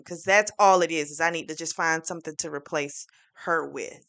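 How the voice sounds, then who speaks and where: A woman reviewing a book series, retelling the plot in a chatty, animated way with plenty of fillers. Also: on the low side, normal speed, clear, resonant tone, no echo.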